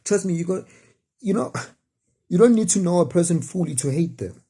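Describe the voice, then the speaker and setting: Mellow husky rambling preacher. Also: medium pitch, expressive, brisk. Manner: rambling, repetitive, full of rhetorical questions. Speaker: spiritual speaker. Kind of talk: casual preaching to camera. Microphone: camera facing the speaker.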